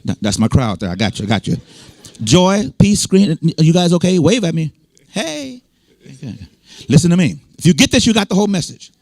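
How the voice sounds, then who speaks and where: A man's voice: sits high, big pitch swings, normal speed, a little mellow, dry recording, studio quality. An American man preaching a sermon as a bishop, emphatic and repetitive, restating each point and bantering with the congregation. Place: church service. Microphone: microphone.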